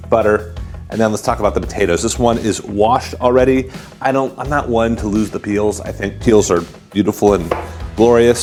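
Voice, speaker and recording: A man's voice: lowish voice, darkish tone. A man hosting a cooking show, chatting casually and upbeat while he cooks.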